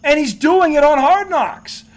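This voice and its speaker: A man's voice: very high voice, animated, a little slow. A man co-hosting a sports talk show, ranting and mocking with sarcastic impressions and plenty of swearing. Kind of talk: heated sports talk chat.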